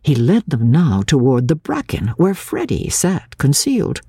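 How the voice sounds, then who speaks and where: Low, lilting woman narrating a novel. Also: huge pitch swings, a little slow, few pauses, mellow, slightly rough, no echo, clean studio sound. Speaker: audiobook reader. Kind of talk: reading a novel aloud.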